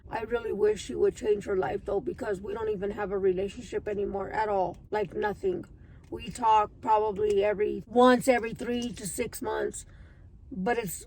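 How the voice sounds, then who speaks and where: A woman's voice: medium pitch, darkish tone, a little hiss or hum, poor audio. A woman in her thirties telling viewers her own story in an earnest, emotional way. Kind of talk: personal storytelling to camera.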